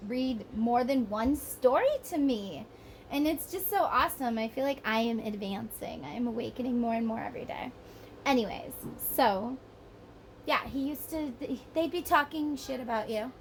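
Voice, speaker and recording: A woman's voice: a little high, moderate pace, a little hiss or hum, low-quality recording. A woman with a Southern US accent giving a rambling, casual tarot reading, sometimes acting out the people she talks about. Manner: chatty, rambling, acts out voices. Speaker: tarot reader. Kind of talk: casual psychic reading monologue.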